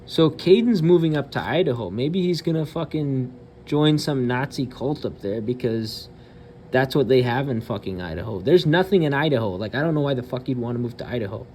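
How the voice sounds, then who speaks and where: Speaking a little fast with lively intonation, a man on his own channel delivers a blunt, curse-filled rant punctuated by hesitant fillers. The mid-range voice has a darkish tone, and slight background noise can be heard.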